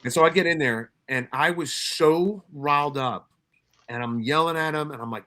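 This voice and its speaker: A man's voice: a little high, moderate pace, sharp tone. A middle-aged man, a former homicide detective, telling blunt, profane stories at a workshop with frequent restarts. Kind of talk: candid storytelling talk.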